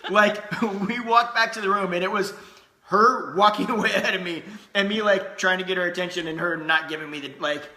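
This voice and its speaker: A man in his thirties, a podcast co-host, telling a funny personal story in casual chat, animated and laughing often. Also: high voice, fairly quick, reverberant.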